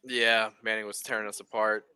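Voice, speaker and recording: A man's voice: lowish voice, little pitch movement, brisk, pushed and bright. A man in his twenties talking as a guest in a casual chat, giving short, matter-of-fact remarks.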